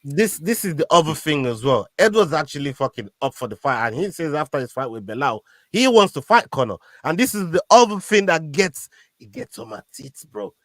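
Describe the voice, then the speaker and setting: A fairly high-voiced man co-hosting a casual combat sports podcast, talking in an animated and excitable way. He stammers and restarts when he gets worked up. The sound is close and dry. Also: brisk, no echo. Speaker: podcast co-host. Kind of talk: casual MMA chat.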